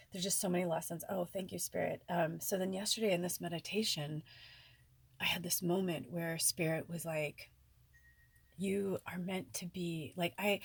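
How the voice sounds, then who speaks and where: A tearful woman rambles through a personal vlog, her low voice gravelly and husky. The sound is dry and close. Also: no echo. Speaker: spiritual vlogger.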